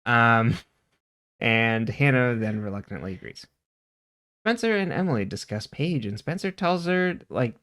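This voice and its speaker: A podcast co-host casually recaps TV episode scenes, quoting the characters and laughing often. His mid-range voice has lively intonation and a fairly bright tone, and he speaks a little slowly.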